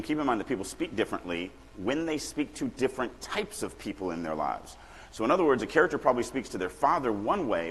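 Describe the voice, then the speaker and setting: At a writing conference, a middle-aged speaker from Louisiana lectures in a lowish voice, animated and joking, acting out small examples. There's slight background noise, and the big hall adds a long echo.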